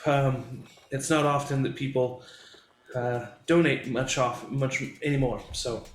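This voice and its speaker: A man's voice: mid-range voice, steady tone, a little slow, echoey room, a little hiss or hum, close to an everyday voice. A man voicing a humble, polite male keeper of records who talks in a hesitant, stammering, apologetic way. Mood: meek.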